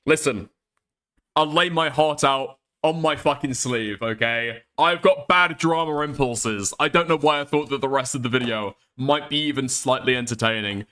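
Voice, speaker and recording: A man's voice: medium pitch, bright, forceful tone. A man hosting a casual reaction stream, rambling with profane, laughing asides. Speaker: streamer host.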